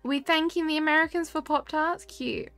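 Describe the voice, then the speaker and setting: Young woman, game streamer, casual and giggly, slightly high voice. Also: lively intonation, a little slow, fairly bright tone, faint music behind. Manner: chatty, reads and answers chat, giggly. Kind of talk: casual live-stream chat while playing.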